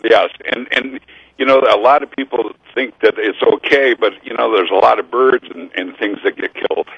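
A man's voice: fairly low pitch, moderate pace, vocal fry, husky, no room sound, highs cut off. A man with a Minnesota accent, a guest author on a casual radio interview. He is easygoing and agreeable and often repeats his words.

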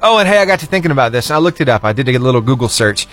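A man's voice: medium pitch, big pitch swings, rapid-fire, a bit bright. A cheerful man, hosting a radio morning show in upbeat call-in chat, chuckling often. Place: radio studio.

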